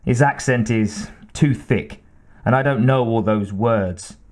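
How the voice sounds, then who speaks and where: A man's voice: mid-range voice, slow, a little mellow. A male narrator voicing a sardonic woman lieutenant, speaking in a dry, mocking way in an audiobook. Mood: matter-of-fact. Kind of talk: audiobook character reading.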